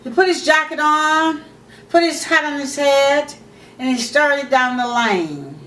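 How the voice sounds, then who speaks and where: A woman telling a children's story in a slow, expressive, folksy way, recorded from far off in an echoey room. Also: sits high.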